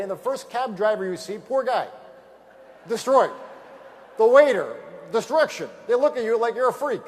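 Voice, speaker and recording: A man speaks from a stage microphone at a sales event, delivering an energetic motivational speech full of stories. He is emphatic and repetitive, and his voice sits high.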